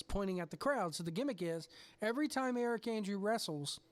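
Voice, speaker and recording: Animated man telling a story. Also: high voice, moderate pace. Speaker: podcast host. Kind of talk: casual chat.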